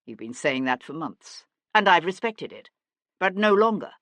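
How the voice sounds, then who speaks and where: A woman's voice: on the low side, sing-song, moderate pace, fairly bright tone, dry recording, clean studio sound. Woman voicing a stern, menacing nobleman. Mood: earnest. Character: stern young male nobleman, cold and menacing.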